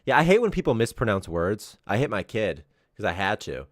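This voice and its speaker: Lively, rambling man with a lowish voice. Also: fairly quick, dry recording, clean studio sound. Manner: rambling, animated storytelling with frequent laughs. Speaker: game developer co-hosting a dev stream. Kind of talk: casual chat on a live stream.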